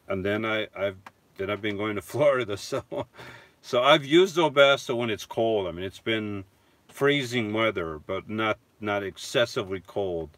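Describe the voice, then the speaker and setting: A man's voice: lowish voice, a bit bright. A man casually chatting on a live stream from inside his van, reading viewer comments and answering in a rambling, self-correcting way with chuckling asides. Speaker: vlogger reading live chat.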